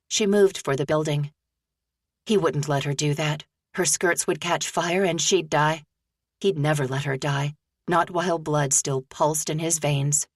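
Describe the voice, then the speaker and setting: A woman narrating an audiobook in a measured storytelling manner, close to the mic. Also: deep voice, no echo. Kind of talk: scripted narration.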